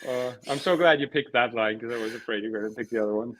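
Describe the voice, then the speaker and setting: A man's voice: mid-range voice, fast, low-quality recording. A man co-hosting a casual movie debate show, earnestly retelling scenes and quoting lines. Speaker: podcast co-host.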